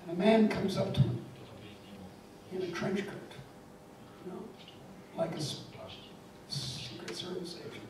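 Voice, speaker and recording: A woman's voice: lowish voice, steady tone, unhurried, pauses often, crowd noise. An older woman giving a public lecture, wry and emphatic, telling stories and jokes. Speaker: guest lecturer. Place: lecture hall. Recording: echoey lecture hall from far off.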